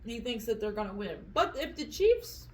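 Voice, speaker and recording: A woman's voice: on the high side, big pitch swings, normal speed, a little mellow, slight background noise, poor audio. Chatty woman vlogging over dinner. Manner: chatty, rambling, fillers while eating. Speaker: vlog host. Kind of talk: casual chat at the dinner table.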